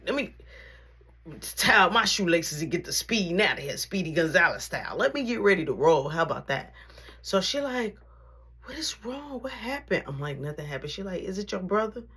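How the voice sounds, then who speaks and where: Woman telling a story casual, slangy, kinda husky, acts out everybody. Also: mid-range voice. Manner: animated, slangy, acts out quotes.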